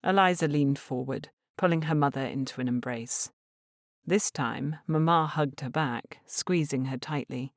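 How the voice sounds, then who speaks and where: A woman narrating a romance novel in a measured, expressive way. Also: extremely low pitch, dry recording, clean studio sound. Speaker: audiobook narrator. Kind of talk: scripted narration.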